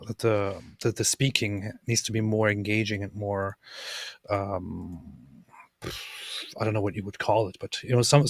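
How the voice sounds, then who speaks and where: Low, flat-voiced man chatting hesitantly. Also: no room sound, clean studio sound. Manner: hesitant, many fillers and repeated words. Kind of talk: casual chat.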